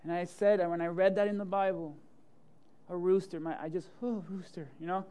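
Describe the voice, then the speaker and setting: A young male pastor, preaching a sermon full of jokey personal stories and swinging from loud to hushed. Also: high-pitched, flat delivery, normal speed, clear, resonant tone. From Hialeah, Florida area.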